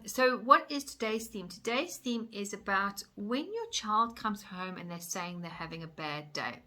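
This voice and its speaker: A woman's voice: medium pitch, bright, forceful tone. A woman parenting coach giving tips straight to camera in an upbeat, enthusiastic way. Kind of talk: direct-to-camera tips video.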